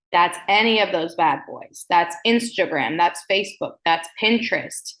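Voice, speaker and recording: This self-help podcast host has a fairly low, fairly bright voice. She talks slowly and with deliberate emphasis, staying frank and playful, sprinkling in casual swearing and frequent "okay?" check-ins.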